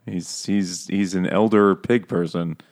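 Lowish-voiced male co-host, casual comedic chat, crude and giggly, acts out quotes. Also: unhurried. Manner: laughing, crude, animated retelling with voiced quotes. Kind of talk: casual comedic book recap.

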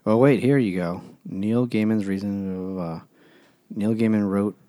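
A man's voice: fairly low pitch, unhurried, mellow, no room sound. A man co-hosting a casual book club podcast, chiming in with dry wisecracks. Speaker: podcast co-host.

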